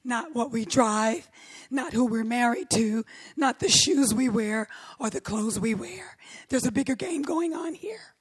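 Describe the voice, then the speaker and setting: A middle-aged woman minister with a hoarse, worn voice, delivering a sermon and often dropping to a whisper for emphasis. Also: a little high, lively intonation, unhurried, dry recording. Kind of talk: sermon with opening prayer.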